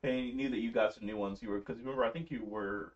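A man's voice: medium pitch, fairly even intonation, fast. A man running a tabletop game as dungeon master, casual and rambling with lots of fillers. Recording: dull lo-fi recording.

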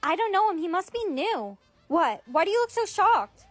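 A woman acting out a POV skit, playing schoolgirls and narrating in an expressive, chatty way. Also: extremely high pitch, normal speed, no room sound. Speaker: storyteller playing multiple roles. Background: faint music.

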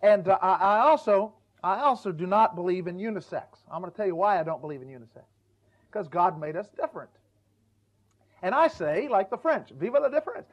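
A middle-aged male preacher with a high voice delivers a folksy, humorous church sermon, talking a little fast and very animatedly. He stumbles over repeated words and acts out the voices he quotes, all captured on a dull, lo-fi church recording.

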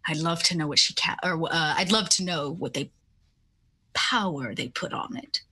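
A woman voicing a proud, courteous male collector who sometimes drops to a hushed whisper. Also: deep voice, moderate pace, breathy edge, pitched below the performer's own voice, heavily acted.

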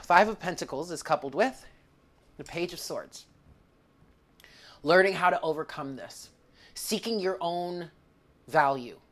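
Low-voiced tearful woman reading tarot. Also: expressive, measured pace, long pauses. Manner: emotional, close to tears, swears freely; addresses listener as honey. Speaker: tarot reader.

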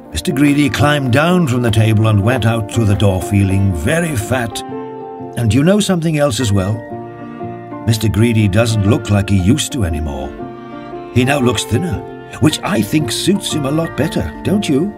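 A man narrating a children's cartoon story, emphatic and expressive. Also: on the low side, moderate pace. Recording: faint music behind.

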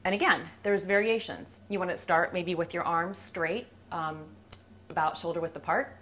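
A female fitness instructor talks casually while doing push-ups as a demonstration, getting out of breath as she goes. Her voice is fairly low at a normal speed, and the video audio is dull and lo-fi with a faint hiss.

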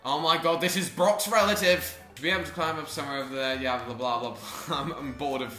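A man's voice: a little high, steady tone, brisk, pushed and bright, echoey room, faint music behind. A man giving comic, self-deprecating commentary over a video game, often stumbling over his words. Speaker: gaming YouTuber.

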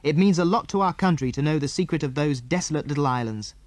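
A man's voice: fairly high pitch, fast, no echo, natural voice. A man voicing a grave, kindly father speaking to his children in an audiobook.

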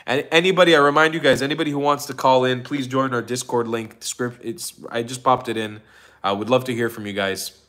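A man's voice: medium pitch, steady tone, a little fast, a bit bright. A tired man hosting a casual livestream, rambling with restarts and greeting viewers from the chat by name. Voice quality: rambling, with restarts and frequent ums. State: tired, yawning. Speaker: livestream host.

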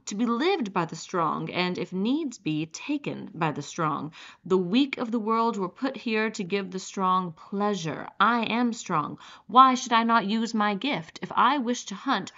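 A woman's voice: medium pitch, animated, unhurried, bright, forceful tone, dull audio, pitched above the performer's own voice. Woman reading as a smug, cruel aristocratic general. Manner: polished, smug, condescending. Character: suave, cruel aristocratic male general who hunts men. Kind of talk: audiobook character reading.

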